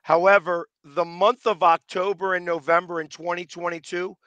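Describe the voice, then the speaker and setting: A man who makes sports-fan videos, talking in a casual interview with a loud, passionate manner and a slightly raspy, deepened voice. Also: level tone, no room sound. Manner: loud, passionate, quick restarts.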